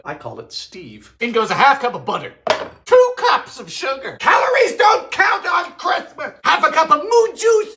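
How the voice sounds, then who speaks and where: A man narrates a comedic vintage recipe show. His voice is bright and sharp, with a pitch that leaps around constantly. He swings between shouted exclamations and deadpan muttered jokes. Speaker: cooking show host.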